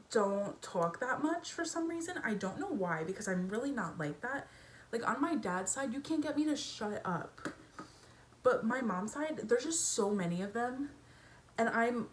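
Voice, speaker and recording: A woman's voice: on the high side, slight background noise. A young woman chatting casually while doing her makeup in a get-ready-with-me video, with lots of fillers and a self-conscious, giggly way of talking. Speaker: beauty vlogger. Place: home bedroom with family noise downstairs.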